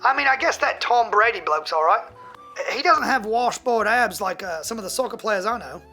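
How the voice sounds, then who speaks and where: A performer putting on a loud British male football fan calling in, with a mock British accent that keeps slipping into Australian. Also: medium pitch, lively intonation, moderate pace, faint music behind. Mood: rowdy. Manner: boisterous, laughing at own accent.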